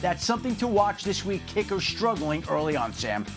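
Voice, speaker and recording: A man delivering a rapid sports news briefing as a league reporter, in a brisk, clipped way. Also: high-pitched, big pitch swings, music in the background. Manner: brisk, clipped list of updates.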